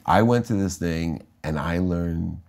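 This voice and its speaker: A man's voice: low voice, unhurried, vocal fry, darkish tone. A middle-aged American man, a guest in an interview, telling his life story with energy and acting out the voices of people he quotes. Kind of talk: candid storytelling in conversation.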